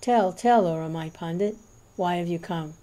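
A man's voice: high voice, normal speed, mellow, lightly acted. A woman reading the lines of an older male sage overwhelmed with devotion, speaking in fervent, tearful exclamations.

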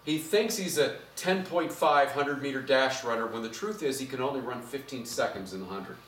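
A middle-aged man preaching a sermon as pastor, conversational and animated, getting louder as he drives his points home. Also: mid-range voice, normal speed. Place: church sanctuary. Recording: echoey church from a distance.

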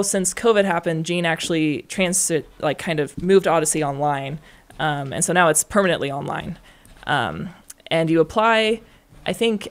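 Young adult woman, guest, casual chat; gravelly fry, chatty and hedging. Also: deep voice. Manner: chatty, laughs often, hedging. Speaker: guest writer.

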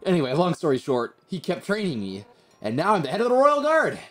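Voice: medium pitch, wildly swooping pitch, fairly quick, soft background music, voice pushed up. A streamer voicing a brash, hot-headed female warrior who leads a royal guard, reading video game dialogue aloud. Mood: storytelling. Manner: brash, loud and teasing.

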